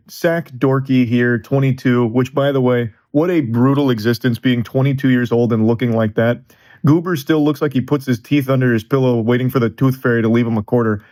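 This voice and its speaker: A man in his thirties giving crude, sarcastic commentary on a news clip in a deadpan way. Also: medium pitch. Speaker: commentary host.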